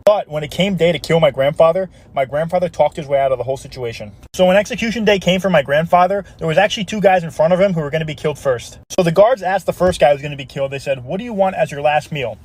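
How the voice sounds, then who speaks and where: Guy talking super fast telling a joke story, kinda high voice. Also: darkish tone. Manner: casual storytelling with put-on voices.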